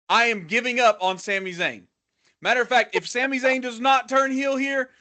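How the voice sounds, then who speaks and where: A man's voice: very high voice, sharp tone. A man co-hosting a casual podcast who gives emphatic, opinionated takes and speculates freely. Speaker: podcast co-host.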